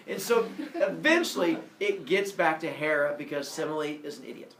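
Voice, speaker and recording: Playful male teacher storytelling to a class; lively pitch, distant and roomy recording with faint hiss. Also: normal speed, few pauses. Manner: animated, playful, acts out characters. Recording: echoey classroom from far off, faint noise.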